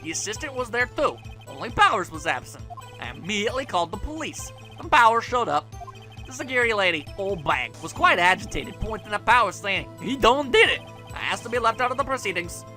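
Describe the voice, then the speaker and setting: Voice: medium pitch, a little fast, soft background music. Ein Sprecher leiht einer kühlen, herablassenden Zeugin in einem Videospiel die Stimme, mit flachem, verächtlichem Ton und einem misslungenen fremden Akzent. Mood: dismissive. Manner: flat, condescending, with a failed foreign accent. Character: cold, dismissive woman witness.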